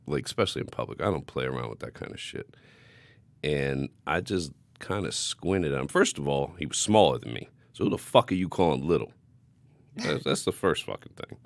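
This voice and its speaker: A man with an extremely deep, gravelly voice, swearing freely as he tells a story in casual podcast chat. The sound is dry and close. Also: no room sound. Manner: profane, animated storytelling. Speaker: podcast co-host.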